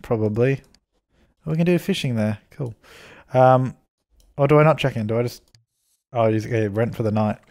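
A man talking casually into a desk microphone while he plays a life-simulation game. He chats away, laughs a lot and bosses his little characters around. His voice sits in an ordinary middle pitch. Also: normal speed, pauses often, a little mellow. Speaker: let's play host. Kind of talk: casual gameplay commentary.

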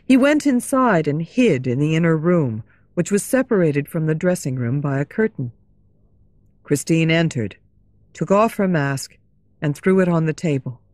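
Woman narrator, low pitch, lively melody, slow and careful, dry studio sound. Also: no echo. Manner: slow, clear, expressive storytelling. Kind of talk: scripted story narration for English learners.

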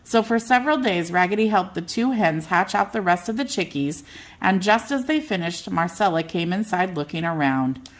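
An older woman reading a bedtime storybook aloud as a storyteller, gentle and unhurried. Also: on the low side, expressive.

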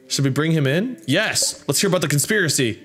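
A man's voice: fairly high pitch, expressive, fairly bright tone. A young man casually commenting on a game, reading its text aloud and reacting with wry asides. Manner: chatty, wry, bouncing between reading and quick reactions. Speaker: gameplay commentator. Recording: game music playing behind the voice.

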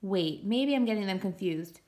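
A woman reading aloud and voicing a gentle, worried mother who asks her young son soft, caring questions. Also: medium pitch, animated, normal speed, natural voice. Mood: concerned. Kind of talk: read-aloud storytelling.

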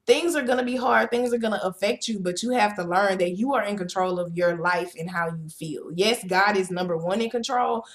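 Woman, twenties, motivational host, casual monologue, emphatic, chatty, mid-pitched voice. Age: 20s. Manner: emphatic, chatty, heavy use of "like" and "literally". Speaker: motivational speaker and show host.

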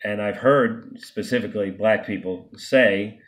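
A man's voice: fairly low pitch, steady tone, moderate pace, a bit bright. A man vlogging an unscripted monologue, emphatic and indignant, often restarting and stumbling over words. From United States.

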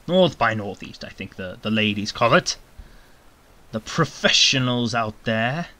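A man's voice: medium pitch, animated, a little slow, pushed and bright. A man streaming a game live, commenting in playful mock-pirate talk. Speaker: gaming streamer.

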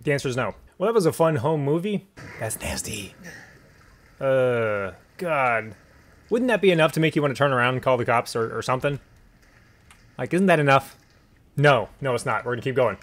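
A man commenting on a horror game during a livestream, cracking deadpan jokes and yelping at sudden scares. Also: medium pitch, a little fast. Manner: joking, deadpan asides, sudden yelps at scares. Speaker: game streamer. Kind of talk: live horror gameplay commentary.

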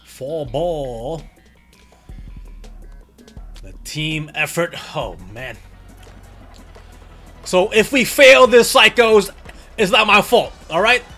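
A young man commentating his own gameplay, excitable, cursing and often yelling at the game. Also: sits high, extremely slow, long pauses, faint music behind. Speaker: gaming YouTuber. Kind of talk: excited let's-play commentary.

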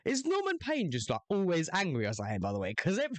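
A man's voice: fairly high pitch, wildly swooping pitch, fast talker, no echo. A young man hosting a reaction video, chatting casually with slangy banter and swearing.

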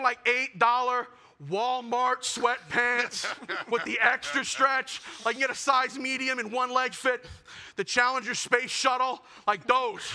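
A young man performing a self-mocking stand-up comedy set, building to shouted punchlines. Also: very high-pitched. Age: young adult.

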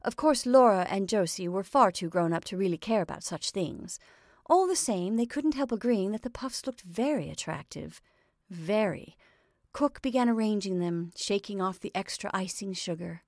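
A woman storyteller reading a classic short story aloud in a measured narration. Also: medium pitch, expressive, a little mellow, dry recording, clean studio sound.

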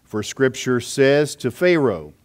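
A male pastor delivers an expository sermon at a middle pitch. He explains scripture point by point, pausing now and then on small fillers as he lays out his argument. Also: very animated.

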